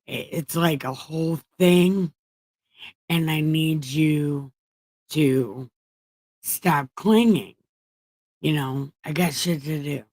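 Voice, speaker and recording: A woman's voice: sits low, darkish tone, no room sound. A woman voicing Jesus as a weary, blunt grown man who talks in flippant modern slang.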